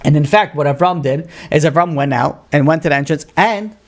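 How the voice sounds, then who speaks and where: A man, a rabbi, teaching a lively Torah class, asking rhetorical questions and acting out story dialogue with Hebrew terms mixed in. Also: fairly high pitch, brisk. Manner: sprinkles Hebrew and Aramaic learning terms. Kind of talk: lively lecture.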